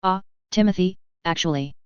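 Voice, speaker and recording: A woman's voice: on the low side, moderate pace, smooth, no echo, natural voice. A woman reading the part of a mild, matter-of-fact British male prisoner. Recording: dry, slightly dull home recording.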